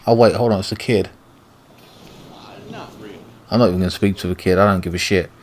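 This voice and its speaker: At a normal pace and in a low-pitched voice, this man from Britain delivers profane, ranting commentary on the game he's playing for his YouTube let's play.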